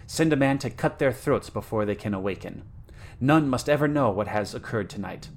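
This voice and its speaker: A man's voice: medium pitch, expressive, normal speed, slight background noise, close to an everyday voice. A man voicing a cruel, scheming young witch princess in a dramatic story reading, with a gloating, mocking delivery. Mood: commanding.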